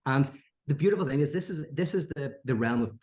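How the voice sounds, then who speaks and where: Animated man, roomy sound. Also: quick pace. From Northern Ireland. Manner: animated, acts out quoted characters with rising pitch. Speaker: podcast guest. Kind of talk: storytelling in casual conversation. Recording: roomy echo.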